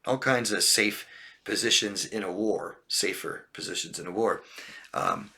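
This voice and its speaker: A man with a bright, forceful voice gives blunt advice on a livestream. He talks straight to his viewers, hammers home his points and keeps asking "okay?" to check they follow. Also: on the low side, measured pace, gravelly. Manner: direct, repetitive, checks in with "okay?". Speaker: life coach. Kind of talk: livestream advice talk answering viewer questions.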